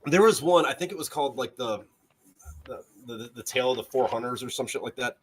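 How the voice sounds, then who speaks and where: Fast-talking, swearing storyteller man. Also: medium pitch, breathy edge. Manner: animated, profane storyteller acting out voices. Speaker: podcast guest. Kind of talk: casual chat.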